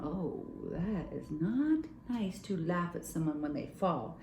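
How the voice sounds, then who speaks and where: A woman's voice: lowish voice, slow, slight background noise. A young adult woman reading a picture book aloud to children, playful and sing-song, hosting a storytime. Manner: playful, sing-song, animated with silly sounds. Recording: echoey room.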